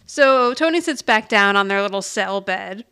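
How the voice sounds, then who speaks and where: A woman's voice: mid-range voice, lively intonation, normal speed, pushed and bright, clear, resonant tone. A woman co-hosting a podcast, casually recapping a TV episode and acting out the characters' lines, often laughing. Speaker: podcast co-host.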